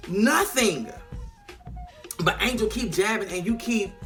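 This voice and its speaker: A woman recapping a TV episode in a loose, casual vlog. She is animated and profane, with her voice pitched in the middle of the range. Faint music plays underneath her. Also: measured pace. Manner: profane, animated, acts out lines. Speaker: TV recap vlogger.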